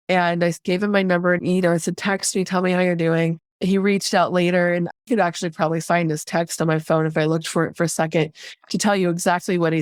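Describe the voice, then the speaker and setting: A woman's voice: on the low side, dry recording, clean studio sound. A woman guest on a podcast, a medical intuitive telling a story in a chatty way and acting out the voices in it. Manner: chatty, quotes voices in her stories. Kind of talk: casual storytelling.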